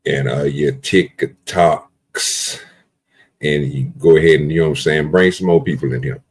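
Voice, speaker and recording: Very deep husky man streaming. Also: a little mellow. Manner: laid-back, rambling, slangy. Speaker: live stream host. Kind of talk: casual live stream chat.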